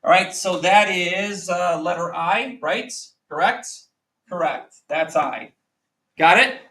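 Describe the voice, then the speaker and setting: A man teaching a math lesson to a class, quizzing students with quick repeated questions. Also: high-pitched, sharp tone. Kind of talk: classroom lecture. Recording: echoey classroom, mic at a distance.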